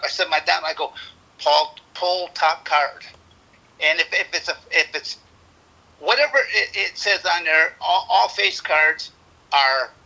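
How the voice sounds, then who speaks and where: A man in his sixties from the United States, a retired wrestler, tells long rambling stories in a casual interview, often repeating words and restarting sentences. His voice is a little high, sharp, and husky, and the audio is poor.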